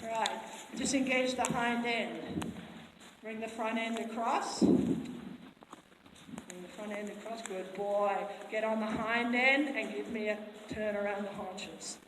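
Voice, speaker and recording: A woman's voice: fairly high pitch, steady tone, takes it slowly. A woman horse trainer giving a live, chatty demonstration, talking to onlookers and to the horse in turn. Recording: echoey arena with long reverb, faint noise.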